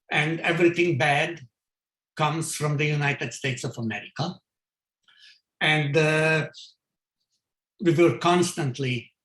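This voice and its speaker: Older guy from hungary, slow halting talk, lots of uh's, echoey room. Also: on the high side, fairly bright tone. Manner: halting, many fillers and restarts. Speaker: Holocaust survivor speaker. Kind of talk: testimony in a video call talk. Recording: roomy echo.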